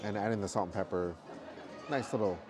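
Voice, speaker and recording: A man in a casual travel vlog, chatting in a relaxed way while reviewing food and giving park tips. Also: fairly low pitch, fairly quick, crowd noise. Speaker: travel vlogger. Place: theme park restaurant, then hotel.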